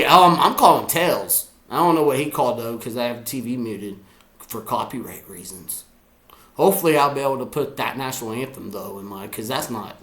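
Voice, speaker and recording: A man's voice: a little high, pushed and bright, echoey room. A man reacting live to a football game, boastful and rambling. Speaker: sports fan vlogger.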